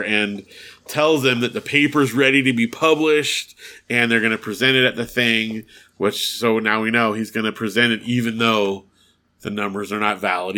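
Recapping a podcast episode in a relaxed way, this male co-host performs the characters' quotes and breaks into laughter. His voice sits on the lower side and sounds pushed and bright.

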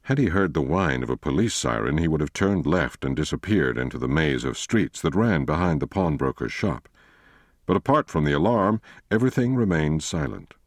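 A man reading a thriller novel aloud as an audiobook narrator, in a measured, steady way. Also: extremely low pitch, dry recording, studio quality. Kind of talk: scripted narration.

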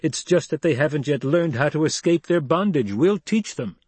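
A man reading an audiobook, voicing a young male desert war leader in a firm, measured, authoritative way. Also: a little high, animated, darkish tone, husky, dry recording, voice pushed up. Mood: commanding.

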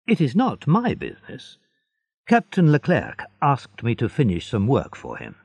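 A man's voice: medium pitch, wildly swooping pitch, a little slow, a little mellow, breathy edge, no echo, pitched above the performer's own voice, full character voice. A man voicing an earnest, happy young sailor in a storybook reading, sincere and eager.

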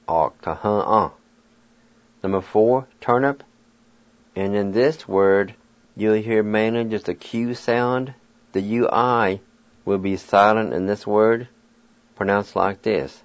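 A man with a lowish voice leads a slow, patient pronunciation lesson on the radio, spelling out each word letter by letter. The sound is dull and lo-fi, like an old radio recording. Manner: spells words out letter by letter, encouraging. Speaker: radio language teacher.

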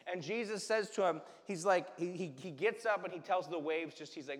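A man preaching a conversational sermon as pastor, acting out quoted voices and dropping softly for the words of God. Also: a little high, normal speed, hardly any pauses, long reverb tail. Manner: conversational, acts out quoted voices, drops to soft whispers for God's words. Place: church sanctuary.

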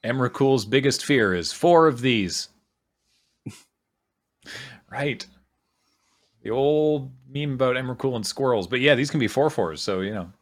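A man co-hosting a relaxed group chat, reading out listener suggestions. He talks in a chatty way, laughs often, and drops quick asides. His voice sits at a mid pitch. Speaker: podcast co-host.

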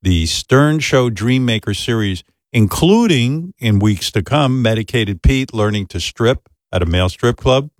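A man hosting a radio talk show, crude and joking with deadpan asides. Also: medium pitch, measured pace, hardly any pauses, dry recording, studio quality.

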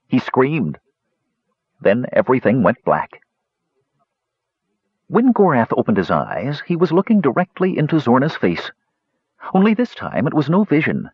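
A man narrating a story in an expressive, dramatic reading, in a slightly muffled recording. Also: mid-range voice, breathy edge, no echo.

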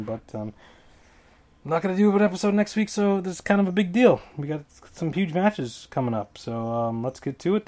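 A man with a darkish, higher-than-usual voice hosts a casual solo podcast. He rambles through fight predictions jokingly, frequently correcting himself mid-sentence.

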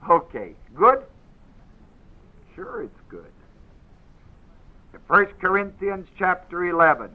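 Slow, emphatic male Bible teacher. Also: high-pitched, very animated, phone-quality sound. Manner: emphatic, quizzes the class with questions.

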